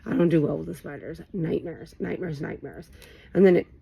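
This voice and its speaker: Brief: thirties woman, casual vlogger, low gravelly fry, chatty and rambling. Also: brisk, rough recording. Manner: animated, rambling, lots of fillers. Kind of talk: casual storytelling chat. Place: home, late night.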